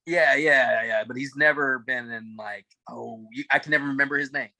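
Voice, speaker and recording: A man's voice: mid-range voice, fairly even intonation, moderate pace, sharp tone, rough recording. A man co-hosting a casual talk show about a TV series, speaking hesitantly with many fillers. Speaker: podcast co-host. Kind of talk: casual chat about a TV episode.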